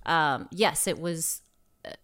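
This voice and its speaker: A woman's voice: deep voice, slow pace. A woman guest on a podcast, chatting casually with lots of fillers over a video call. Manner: chatty, animated, many fillers.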